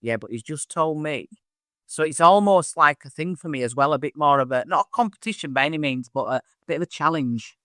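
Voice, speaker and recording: Chatty bright-voiced man. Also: a little high, brisk, no room sound, studio quality. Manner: chatty, animated, acts out voices in anecdotes. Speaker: medium, podcast host as guest. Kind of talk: casual interview storytelling.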